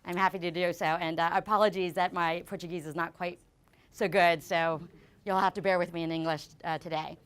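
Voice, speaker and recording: A woman in her forties giving a live conference talk, talking fast with lots of fillers and restarts. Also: on the low side, steady tone, fairly bright tone, smooth. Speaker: conference speaker. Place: conference venue before an audience.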